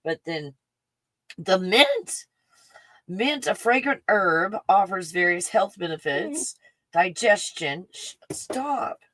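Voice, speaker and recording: A woman in her forties hosting a casual solo livestream, rambling excitedly and swinging between hushed asides and loud outbursts. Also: mid-range voice, slow pace, no room sound, low-quality recording. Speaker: livestream host.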